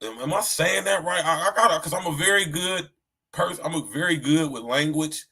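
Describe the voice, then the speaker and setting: A man's voice: fairly high pitch, a little fast, creaky, bright, forceful tone, husky. A middle-aged man hosting a podcast livestream in a casual, slangy chat style, often saying "you know what I'm saying.". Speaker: podcast host.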